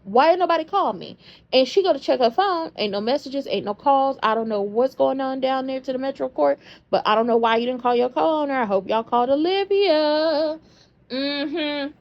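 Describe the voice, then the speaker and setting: A woman's voice: on the high side, gravelly, darkish tone. A woman hosting a soap opera recap in casual commentary, sassy and slangy as she tells stories. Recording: dull lo-fi sound.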